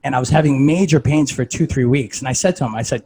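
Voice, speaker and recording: A man's voice: mid-range voice, quick pace, few pauses, dark tone, breathy edge, low-quality recording. A man talking casually as a fitness coach, conversational and full of "like" and "right?".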